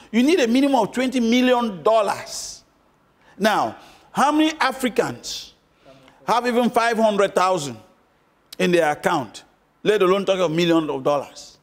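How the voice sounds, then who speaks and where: A middle-aged man from Cameroon answering interview questions as a political guest, emphatic and repeating his points with rhetorical questions. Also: very high voice.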